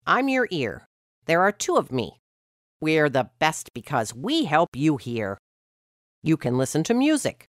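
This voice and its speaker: A polite, gently boastful talking ear from a children's storybook, as a woman reads it. The voice sits low and moves slowly. It is recorded close and dry. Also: huge pitch swings, no room sound, full character voice. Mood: proud. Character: talking ear, friendly and proud.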